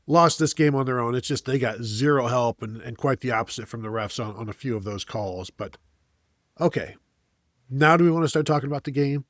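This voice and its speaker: A man's voice: medium pitch, no room sound, clean studio sound. A man co-hosting a sports podcast, picking apart a game with rambling, exasperated analysis. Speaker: podcast co-host. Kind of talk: casual sports chat.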